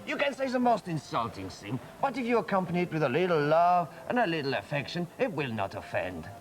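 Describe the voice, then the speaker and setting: A man voicing a pompous, excitable French character in a children's TV sketch, talking in a theatrical, flowery way. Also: a little high, brisk, soft background music, low-quality recording. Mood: lecturing.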